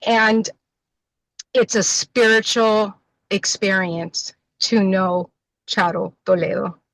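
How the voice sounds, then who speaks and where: A woman's voice: mid-range voice, fairly even intonation, slow pace, fairly bright tone, dry recording, poor audio. A middle-aged woman giving an emotional tribute over a video call from her parked car, mixing in Spanish endearments. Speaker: guest well-wisher.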